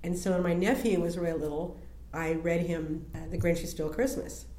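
Low-voiced woman chatting, echoey room. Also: a little fast, mellow. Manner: chatty anecdotes, laughs easily. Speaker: interviewer. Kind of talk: casual chat. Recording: roomy echo.

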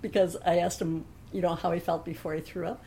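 A woman's voice: on the low side, fairly even intonation, brisk, creaky, dark tone, a little hiss or hum. A woman telling a personal anecdote in a chatty way, laughing often and acting out the other people in her story.

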